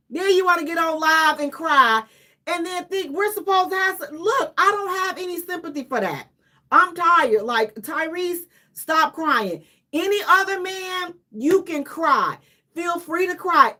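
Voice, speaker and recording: On the radio, a woman with a high voice gives relaxed, spirited commentary. She's emphatic, says things again for effect, and slips laughs in between lines.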